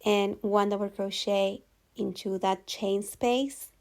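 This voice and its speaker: Calm and patient, a woman voices a crochet tutorial as the instructor, her middle-pitched delivery slow and even. She frequently revisits steps to make them easy to follow.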